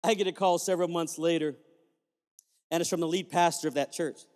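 A pastor from Puerto Rico delivers a storytelling sermon and animates it by voicing the dialogue. His voice is fairly high for a man. A long reverb from the hall trails every phrase. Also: fairly even intonation, a little fast, a little mellow.

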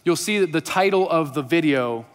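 A man's voice: fairly high pitch, animated, moderate pace, long reverb tail. A man preaching a sermon in a casual, conversational way, with light humor, and reading scripture aloud. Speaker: pastor.

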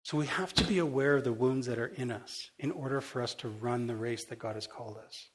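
Brief: middle-aged male pastor, mid-pitched voice, loose storytelling sermon with frequent restarts. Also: brisk, breathy edge. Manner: self-deprecating and candid. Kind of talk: conversational sermon.

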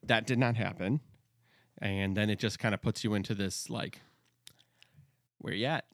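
A man's voice: fairly low pitch, fairly even intonation, normal speed, fairly bright tone, no echo, studio quality. A young man casually telling a rambling, jokey story as a podcast co-host. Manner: rambling, jokey, slips into comic voices.

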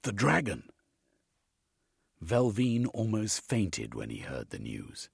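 A man narrating an audiobook with a husky voice. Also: lowish voice, wildly swooping pitch, takes it slowly, no echo, clean studio sound. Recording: faint music underneath.

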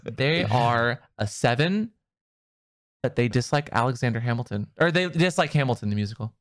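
A man co-hosting a casual chat, playful and teasing, quick to crack jokes. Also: medium pitch, lively intonation, no echo, clean studio sound. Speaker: podcast co-host and online content creator.

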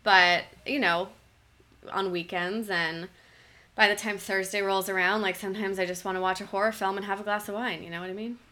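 A woman's voice: mid-range voice, steady tone, fairly quick, sharp tone. A woman co-hosting a nutrition podcast in casual chat, reading listener questions aloud, laughing easily and dropping "like" and "you know" often. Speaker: podcast co-host.

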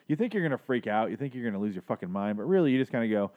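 A man's voice: fairly low pitch, fast, hardly any pauses, phone-quality sound. A man recapping a TV episode in a crude, rambling, joking way. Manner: crude, rambling, jokey asides. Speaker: show recapper. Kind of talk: casual comedic recap.

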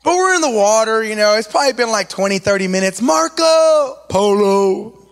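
A man with an East Los Angeles accent preaching a sermon as an animated story, acting out quotes with lots of "like" and "you know". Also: high voice, fast, in a large hall.

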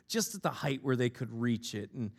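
A pastor delivering a sermon in a conversational way, mixing scripture with personal stories and playful asides. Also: male voice, mid-range voice, lively intonation, moderate pace.

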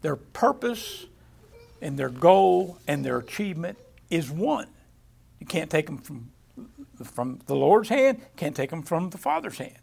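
Male preacher, high voice, halting delivery with repeated words, scripture-reading cadence. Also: big pitch swings, vocal fry, a little mellow, husky. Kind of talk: Bible study sermon.

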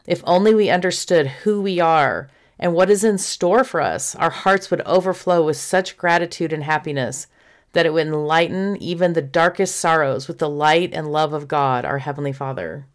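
A woman guest on a gospel discussion podcast, speaking in a warm, heartfelt, admiring way. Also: low voice, moderate pace.

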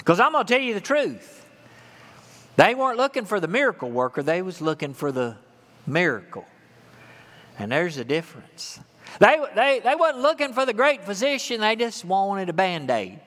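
Man playing a teasing villager with a bright, high voice, in a drawling, leg-pulling delivery, long reverb. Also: very animated, moderate pace. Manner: playful, drawling storyteller teasing strangers. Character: folksy small-town man who loves to tease.

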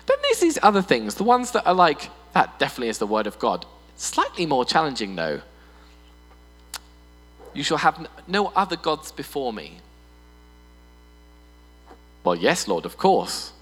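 A man preaching a sermon in a church hall, animated and playful, often putting on voices for humor. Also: a little high, moderate pace, long pauses, breathy edge. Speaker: pastor. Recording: long reverb in a hall with mains hum.

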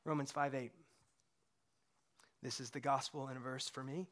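A man preaching a sermon in a church, swinging from impassioned outbursts to hushed, quiet moments. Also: mid-range voice, steady tone, normal speed. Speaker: pastor. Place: church sanctuary.

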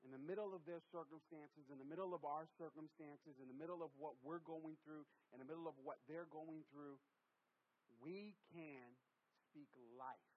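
A man in his thirties from the US West Coast preaching a sermon to a congregation, animated and jokey, with lots of repetition and restarts. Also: fairly high pitch, normal speed. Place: church hall with congregation. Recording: dull lo-fi sermon recording.

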